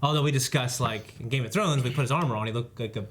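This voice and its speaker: A man co-hosting a casual reaction chat, reading viewer comments aloud and clearing his throat between them. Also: medium pitch, fast talker. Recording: faint background noise.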